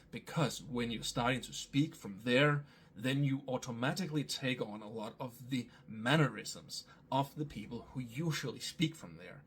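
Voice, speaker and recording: Relaxed man explaining voice tips. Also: medium pitch, husky. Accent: non-American English. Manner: relaxed, explanatory, thinks aloud with small restarts. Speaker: voice actor giving tips. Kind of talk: casual spoken tutorial.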